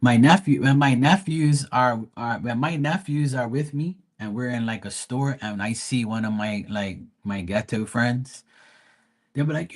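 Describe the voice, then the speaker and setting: A chatty man with a Bermudian accent, talking loosely on a live stream. His speech is animated and full of slang, and he tells stories in a relaxed, conversational way. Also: mid-range voice, measured pace. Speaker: live tarot reader. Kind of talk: casual live-stream chat.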